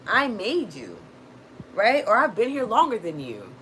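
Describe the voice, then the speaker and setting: A woman's voice: mid-range voice, huge pitch swings, a little slow, fairly bright tone, slight background noise, pitched above the performer's own voice, low-quality recording. A woman mimicking an indignant scolding parent. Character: resentful parent, indignant and demanding.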